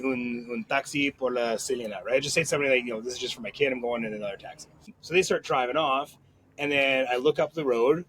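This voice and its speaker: A man hosting a podcast, telling a rambling story in casual chat with quick asides and frequent swearing. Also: medium pitch, fairly bright tone, slightly rough, poor audio. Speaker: podcast host.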